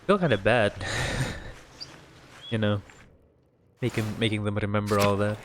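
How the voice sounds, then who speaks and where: A man's voice: fairly low pitch, steady tone, measured pace, a little hiss or hum. A man casually commenting while playing a narrative game, with mildly profane asides. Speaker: streamer.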